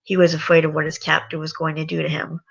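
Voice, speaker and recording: A tired reader casually reading a story aloud, halting now and then with sighs and restarts. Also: medium pitch, completely flat delivery, creaky, fairly bright tone, slightly rough, lo-fi sound.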